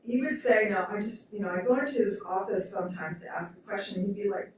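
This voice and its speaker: A woman shares fond stories at a memorial, chatty and quick to laugh. Her voice is close to tears at moments. It comes from some way off the mic in a very echoey hall. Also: mid-range voice, a little mellow, recorded from a distance, slight background noise. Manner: chatty, laughing, emotional storytelling. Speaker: memorial speaker. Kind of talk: spoken remembrance at a memorial event.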